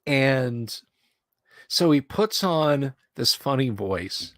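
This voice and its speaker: A man's voice: medium pitch, animated, drawn-out words, fairly bright tone, no echo. A middle-aged man streaming, chatting casually and telling rambling anecdotes close to his mic. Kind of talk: casual chat.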